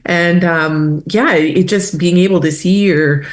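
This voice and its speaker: A woman from Canada, a wildlife photographer, talking as a guest in a casual interview, animated and emotional, laughing often. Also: fairly low pitch, a little slow.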